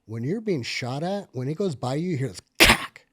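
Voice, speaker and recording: A man of middle pitch tells his war stories as a podcast guest, loose and conversational. He swears freely and leans on fillers. When he relives the tense parts he gets louder and more animated. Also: moderate pace, slight background noise. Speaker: podcast guest, military veteran. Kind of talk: casual conversational storytelling.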